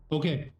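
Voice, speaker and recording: A man's voice: on the high side, roomy sound, phone-quality sound. A man narrating a tabletop game as game master, hesitant and full of fillers and restarts. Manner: halting, many fillers and restarts.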